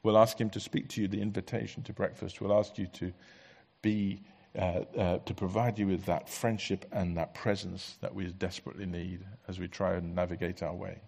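Guy preaching in church, kinda husky, lowish voice, chatty and earnest, lots of quiet asides. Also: little pitch movement, normal speed. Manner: earnest, conversational preaching with soft dropping asides. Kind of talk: sermon.

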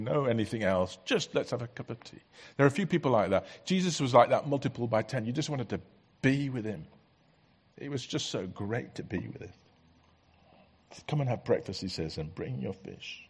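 A man preaching a sermon in a church, earnest and conversational, letting many lines drop soft. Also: mid-range voice, breathy edge.

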